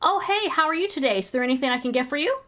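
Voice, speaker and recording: A perky, overly friendly young male cashier, his greeting jumping up high with a chirpy customer-service lilt, as a woman puts him on. He is an eager clerk, quick to help. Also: expressive, pushed and bright, full character voice.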